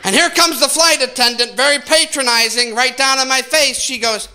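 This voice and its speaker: A man's voice: very high-pitched, normal speed, bright, forceful tone, clear, resonant tone. A man doing stand-up comedy on a theater stage, telling exaggerated stories and making asides to the audience.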